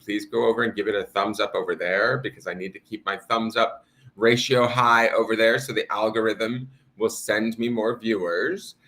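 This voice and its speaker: A man with a deep voice streams a tarot reading from his home altar. His tone is bright and forceful. He talks to his viewers in a loose, meandering way. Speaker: tarot reader.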